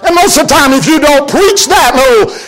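Very high-voiced fervent male preacher. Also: animated, brisk. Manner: fervent, often shouting, with frequent amens and laughs. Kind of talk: sermon.

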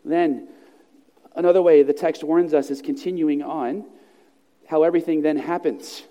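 High-voiced preacher in a reverberant church. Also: male voice, steady tone, mellow. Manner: measured, earnest preaching with slow emphatic phrases. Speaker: pastor. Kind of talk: sermon. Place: church sanctuary. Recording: long reverb of a large hall.

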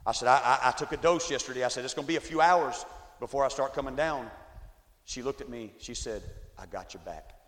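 A man in his forties giving a testimony sermon, swinging from quiet storytelling to shouted climaxes, recorded in an echoey church hall. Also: mid-range voice, brisk. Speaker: evangelist. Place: church sanctuary.

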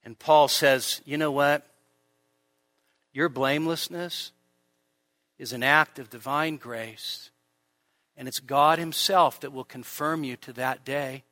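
A male pastor preaching a sermon in a church, animated, with humor and rhetorical questions. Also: on the high side, slow pace, long pauses, no room sound.

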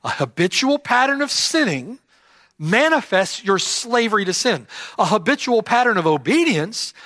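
A man's voice: high voice, big pitch swings, moderate pace, pushed and bright, no room sound. A man preaching an expository sermon, emphatic and repeating key phrases for stress. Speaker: pastor.

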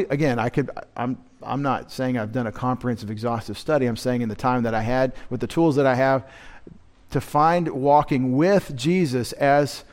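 A man, a pastor, giving a midweek sermon in church, teaching in a lecturing way and rising in pitch and volume to stress key words, with wry asides to the congregation.

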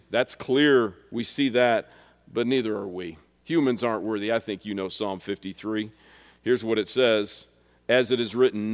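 A man preaching a sermon, earnest and emphatic, who reads scripture aloud and asks the listeners questions. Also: medium pitch. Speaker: pastor. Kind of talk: expository sermon. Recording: reverberant hall.

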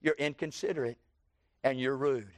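A man in his sixties preaching a sermon, slowing down for emphasis and breaking into loud acted quotes. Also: medium pitch, steady tone, dry recording.

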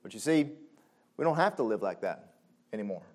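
A man preaching a sermon. He talks conversationally with frequent asides and swings between loud exclamations and soft, low passages. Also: big pitch swings, brisk. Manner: conversational, with frequent "you know what I'm saying" asides. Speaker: pastor.

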